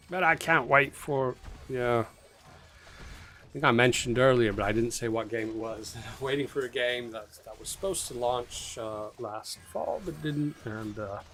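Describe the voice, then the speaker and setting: A man's voice: medium pitch, a bit bright, a little hiss or hum. A man hosting a casual live stream, chatting loosely with viewers, full of fillers and asides. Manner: rambling, chatty, reading viewer names aloud, frequent fillers. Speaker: stream host.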